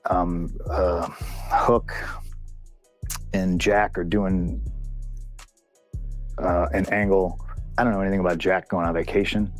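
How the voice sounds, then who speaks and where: A man's voice: low-pitched, little pitch movement, takes it slowly, pauses often, faint music behind. A man telling a backstage story in an interview, heated and profane, acting out what others said. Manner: profane, heated retelling with lots of quoted dialogue. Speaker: interview guest, pro wrestler. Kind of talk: candid storytelling in a long-form interview.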